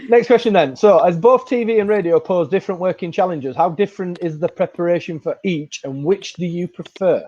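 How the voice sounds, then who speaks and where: A man hosting a podcast, telling stories in an enthusiastic, relaxed chat. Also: high-pitched, a little fast, hardly any pauses. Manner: chatty storyteller, relaxed and enthusiastic. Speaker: podcast host. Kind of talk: casual chat. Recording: dry, dull lo-fi sound.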